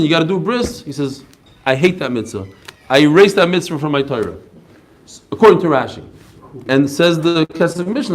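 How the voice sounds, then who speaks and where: A man giving a daily Talmud class, telling stories with quick asides. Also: fairly high pitch. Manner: animated storytelling, quick asides. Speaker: Talmud teacher. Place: study hall class.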